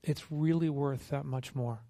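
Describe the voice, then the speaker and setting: A man's voice: mid-range voice, measured pace. A man preaching as a missionary, telling stories in a conversational, humorous way and acting out quotes. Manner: conversational, humorous, animated storytelling with acted quotes. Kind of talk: sermon.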